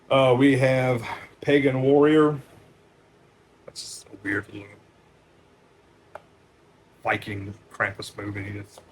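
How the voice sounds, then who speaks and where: A man running casually through a stack of movies as a store owner, loose and profane, with many fillers and sudden louder bursts on each title. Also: mid-range voice, a little hiss or hum.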